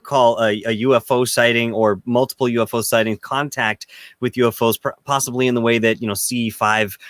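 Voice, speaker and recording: A male host steps in with measured, careful questions for his guest. His voice sits in an ordinary middle pitch. The sound is dry and close. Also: fairly even intonation, a bit bright, no echo. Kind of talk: interview.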